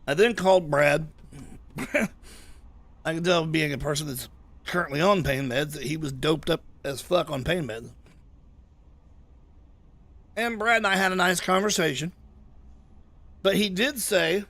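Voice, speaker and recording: High-voiced man telling a heated story. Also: unhurried, pauses often, fairly bright tone, no room sound. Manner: heated, swears a lot, retells quarrels. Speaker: livestreamer. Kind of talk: casual profane storytelling.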